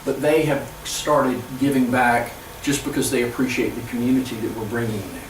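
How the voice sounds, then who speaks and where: A man speaking as a pastor, giving an earnest storytelling presentation to church leaders, with halting restarts. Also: medium pitch, fairly even intonation, slight background noise. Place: church hall. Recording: echoey room, from far off.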